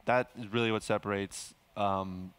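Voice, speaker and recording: A young man, a pro gamer, talking on a panel in a steady, matter-of-fact way. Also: fairly low pitch, normal speed, clear, resonant tone. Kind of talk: casual panel talk.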